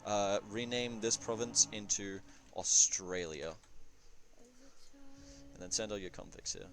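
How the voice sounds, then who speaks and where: A man swearing and chatting excitably while explaining a multiplayer strategy game, sometimes chanting. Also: fairly low pitch, measured pace, pauses often, faint music behind. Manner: profane, excitable, chanting at times. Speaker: gamer in multiplayer session. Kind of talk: casual gameplay commentary.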